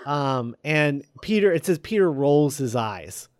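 A man's voice: fairly high pitch, unhurried. A man chatting casually, retelling a script scene by scene with many fillers and quoted lines. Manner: rambling with many fillers, quoting characters in a flat relaying voice.

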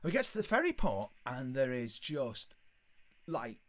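Lively, bright-voiced man telling a story. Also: medium pitch, unhurried. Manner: swearing, rambling anecdote with acted-out voices. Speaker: podcast co-host. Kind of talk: casual storytelling chat.

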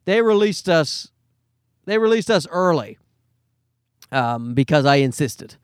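Animated, high-voiced man telling a rambling story. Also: measured pace, clear, resonant tone, no echo, studio quality. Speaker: podcast host. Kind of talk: casual storytelling monologue.

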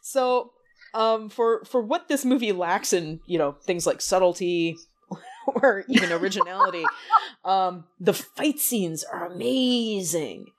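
A woman's voice: mid-range voice, animated, unhurried. Podcast co-host: woman, casual, enthusiastic, laughs a lot. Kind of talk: casual chat.

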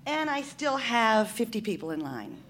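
A woman tells a comic story live, animated and laughing through her lines. Her voice sits a little high. A faint room hum sits behind her. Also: normal speed.

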